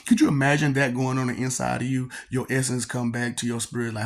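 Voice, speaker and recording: A man's voice: mid-range voice, fairly quick. A man telling a personal story in a casual, rambling way. He laughs often and keeps repeating filler phrases.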